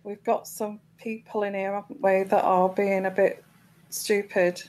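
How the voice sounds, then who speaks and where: A woman speaks to viewers on her live tarot show in an unhurried, flat, slightly mellow mid-range voice, and the audio is poor. Her talk is hesitant and littered with ums and restarts, turning indignant when trolls appear.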